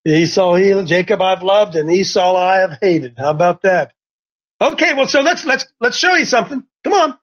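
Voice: mid-range voice, animated, normal speed. A preacher delivering a blunt sermon, mocking opponents and repeating points for emphasis. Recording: dull lo-fi recording.

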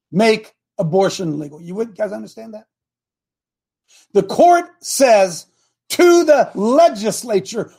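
A man hosting a Christian talk show as a coach, preaching emphatically, repeating key words slowly and calling out to his crew by name. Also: high-pitched, darkish tone, breathy edge. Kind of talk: fiery preaching-style talk to viewers.

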